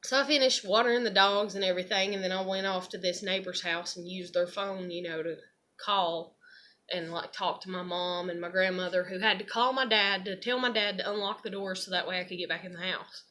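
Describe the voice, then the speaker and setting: Heated, sharp-voiced woman ranting. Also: mid-range voice, steady tone, fairly quick. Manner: heated, profane, rambling. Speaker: vlogger. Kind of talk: ranting personal story.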